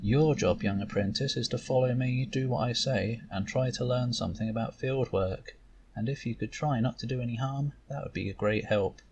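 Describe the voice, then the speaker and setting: A man reading the lines of an impatient woman agent who teaches her young apprentice, with a brisk, dryly teasing manner. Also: medium pitch, dull audio, lightly acted. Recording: loud noise, distant mic.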